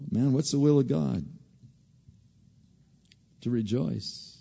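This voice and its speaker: A man preaching a sermon, animated, swinging from loud emphasis to hushed asides and often repeating words as he restarts. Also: medium pitch, slow pace, creaky, husky, big-room sound, highs cut off.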